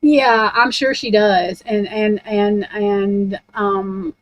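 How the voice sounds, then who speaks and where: A woman's voice: medium pitch, steady tone, very slow, no echo, rough recording. A woman in a casual, rambling rant about true crime, blunt and heavy on profanity.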